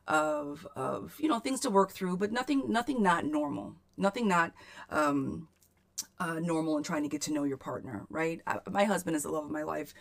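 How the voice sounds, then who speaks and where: A woman's voice: lowish voice, vocal fry. A woman giving a chatty live-stream tarot reading, reading viewers' questions aloud and calling them girl and friend. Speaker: tarot reader.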